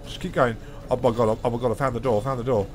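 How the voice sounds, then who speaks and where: Rapid-fire and medium-pitched, this man keeps a steady tone while hosting a gaming video of a horror game. He swears a great deal and lets out jumpy, panicked gasps and shouts, with faint game music in the background.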